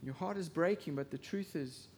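A man preaching a sermon as pastor, swinging from hushed to loud emphasis and asking the congregation rhetorical questions. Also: on the high side, normal speed, slight background noise.

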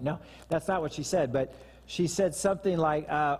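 A man preaching a sermon as pastor, in a conversational way with joking asides and a husky voice. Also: fairly high pitch, normal speed. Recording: reverberant hall.

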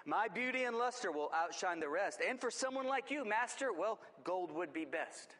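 A showy golden vessel voiced by a man pushes itself forward with a raised, bright-sounding voice. It boasts without pause, sure it is the best choice on the shelf. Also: lively intonation. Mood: boastful. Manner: eager, self-praising pitch.

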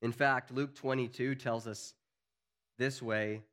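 A man preaching a sermon as pastor, earnest, building to emphatic peaks and then dropping low and quiet. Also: steady tone, slow pace.

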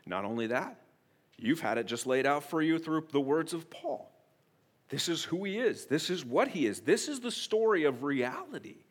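A pastor preaches earnestly to his congregation, his slightly high voice moving in a sing-song way at normal speed. He shifts from hushed, intimate appeals to loud, emphatic declarations.

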